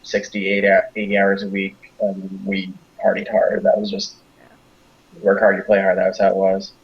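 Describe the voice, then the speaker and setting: A man in a casual chat who agrees easily and speaks in a relaxed way. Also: low-pitched, normal speed. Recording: dull lo-fi recording with faint noise.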